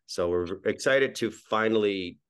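A man from New Brunswick with a very deep, low voice talks as a podcast guest about his sitcom. He rambles along, restarting sentences and repeating words as he goes. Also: unhurried, fairly bright tone, clear, resonant tone. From Miramichi, New Brunswick, Canada. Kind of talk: casual podcast interview.

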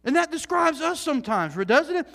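A man preaching from the pulpit in a strikingly high voice, earnest and animated. He keeps asking his congregation questions and restarts phrases as he presses his point. His words ring out with a long reverberation in a large church hall. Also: normal speed, creaky. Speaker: pastor. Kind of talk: sermon.

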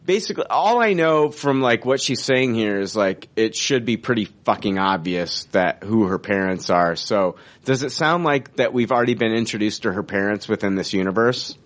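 A man co-hosting a casual fan podcast, excited and rambling, swearing now and then. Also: fairly low pitch, moderate pace, hardly any pauses. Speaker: podcast co-host.

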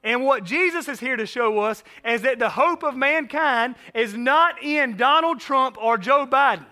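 A man preaching a sermon as pastor, animated, swinging from loud emphasis to hushed asides. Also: very high-pitched.

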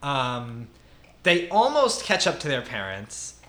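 A man's voice: medium pitch, huge pitch swings, takes it slowly, pushed and bright, roomy sound. A man co-hosting a podcast, chatting casually through a movie review, laughing often and swearing now and then. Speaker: podcast co-host.

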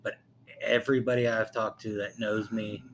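Rambling young man, lowish voice. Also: flat delivery, moderate pace, a little hiss or hum. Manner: rambling, profane, many fillers. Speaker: podcast co-host. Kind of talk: casual chat.

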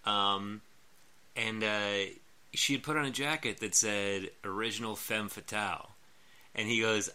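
A man in his late thirties tells a story in a loose, casual way. His voice sits low but sounds very bright and forward. He keeps laughing and acts out the lines other people said. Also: unhurried. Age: late 30s. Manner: rambling, laughing often, acting out quotes.

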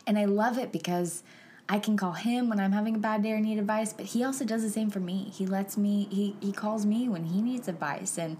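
A woman hosting a podcast who tells a personal story in a casual, emotional and animated way, talking straight to her listeners. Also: medium pitch, brisk, a little hiss or hum. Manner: emotional and animated, addresses listeners as "you guys"; casual and chatty, with frequent "like" fillers. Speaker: podcast host.

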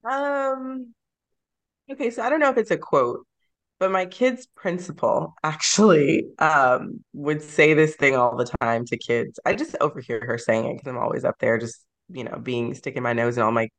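A woman's voice: deep voice, moderate pace. A woman author being interviewed on a podcast, speaking in a reflective, sentimental way and laughing easily. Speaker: guest author.

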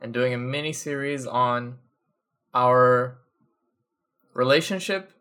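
Man, podcast co-host, casual, relaxed, short replies. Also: mid-range voice, takes it slowly, clear, resonant tone.

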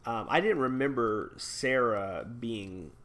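A man's voice: mid-range voice, animated, slow pace, fairly bright tone. A man co-hosting a movie podcast, talking casually with lots of stammered restarts. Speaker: podcast co-host. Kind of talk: casual chat about a movie.

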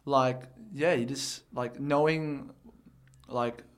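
A man's voice: mid-range voice, steady tone, slow pace. Candid young man rambling in chat. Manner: candid, rambling, repeats words. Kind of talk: casual chat.

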